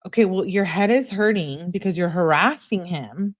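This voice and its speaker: A woman's voice: fairly low pitch, moderate pace, hardly any pauses. A woman hosting a live reading, with exasperated, sarcastic comments between passages. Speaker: channel host.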